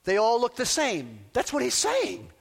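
A man with a very high voice delivers an emphatic sermon from the pulpit, repeating phrases for force. His voice rings through a church sanctuary with a long, echoing reverb. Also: wildly swooping pitch, measured pace, gravelly, husky. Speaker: pastor. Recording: long reverb of a large hall.

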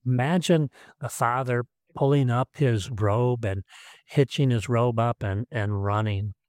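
Male pastor, sermon delivery, earnest with repetitions, mid pitch, dry close recording. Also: a little slow, no room sound. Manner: earnest, repeats words, swings between emphatic and soft.

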